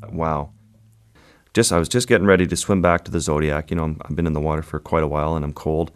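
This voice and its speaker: A man, a photographer guest, recounting an encounter in a measured, vivid interview style. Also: rumbling low, steady tone, clear, resonant tone. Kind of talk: interview storytelling.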